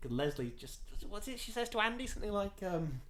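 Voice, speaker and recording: A man co-hosting a podcast, chatting casually in a playful, animated way. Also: high voice, a little fast. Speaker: podcast co-host. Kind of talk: casual chat.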